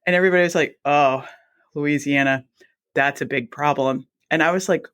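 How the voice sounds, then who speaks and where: A woman, a guest telling her career story in a chatty, animated way and acting out her own reactions. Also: low-pitched, normal speed. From South Mississippi. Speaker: guest, anesthesiologist assistant. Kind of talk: casual storytelling interview.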